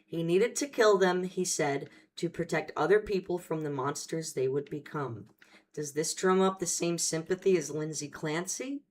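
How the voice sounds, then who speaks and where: A woman's voice: low voice, normal speed. A woman hosting casual commentary, talking in a blunt, profane and sarcastic way. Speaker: host.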